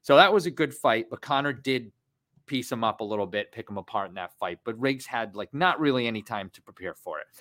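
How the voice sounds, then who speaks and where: A man in his thirties co-hosting a casual fight podcast, animated and rambling, swearing freely. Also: medium pitch, a little fast. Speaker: podcast co-host.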